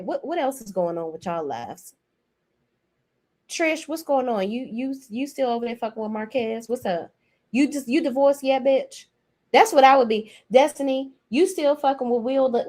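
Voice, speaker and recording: Woman in her 40s ranting about reality tv, higher pitch, sassy and cussing a lot. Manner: blunt, profane, sassy; mocking and animated, swings between high and low. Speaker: commentary host. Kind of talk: reality TV recap rant.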